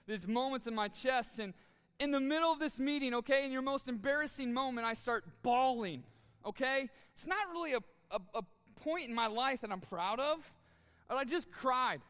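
A man preaches in a big hall, his high, bright voice carrying on a long reverb. He speaks earnestly and candidly, repeating words as he presses his point. His tone stays smooth and clear throughout. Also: brisk. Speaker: pastor. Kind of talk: sermon with personal story. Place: church auditorium, live audience.

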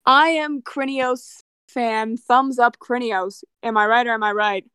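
A woman's voice: on the high side, fairly even intonation, measured pace, a bit bright, clear, resonant tone, no room sound, clean studio sound. A young woman co-hosting a casual podcast, playful and teasing, laughing often. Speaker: podcast co-host. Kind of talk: casual chat.

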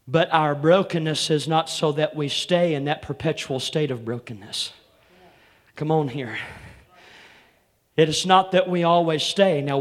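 A male pastor with a twang and a fairly high pitch delivers a sermon that rises into loud, drawn-out shouted preaching. He calls congregation members out by name and keeps repeating "come on here" as a call to them.

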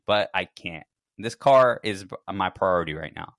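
Low-voiced man telling a story. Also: moderate pace, no room sound, studio quality. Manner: animated storyteller, acts out his own reactions in quotes. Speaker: podcast co-host. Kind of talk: casual storytelling chat.

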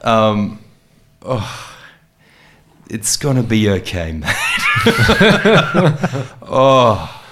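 An Australian man in middle age speaks as a guest on a podcast. His storytelling is animated and expressive, punctuated by easy laughter. The delivery stays casual and conversational. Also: lowish voice, very slow, long pauses, heavy background noise.

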